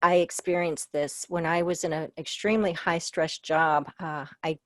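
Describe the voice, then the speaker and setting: An Iowan woman in middle age hosts a casual librarian webinar via video call, drawing on personal experience with many "um"s and a bit of humor. Her lowish voice has fairly even intonation and a moderate pace, and the audio is dry and close with no room echo.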